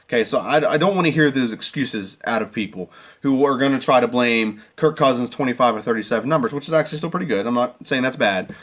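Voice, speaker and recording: A man's voice: mid-range voice, fast, a bit bright. A man reviewing a football game in an emotional, exasperated rant, often repeating himself. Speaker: sports fan commentator.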